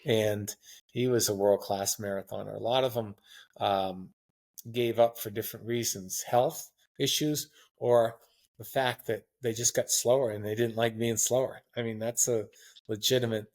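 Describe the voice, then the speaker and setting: Low-voiced man in his sixties, rambling. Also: steady tone, moderate pace, a little mellow. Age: 60s. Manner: rambling, anecdotal storytelling. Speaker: guest marathon runner. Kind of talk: casual interview chat.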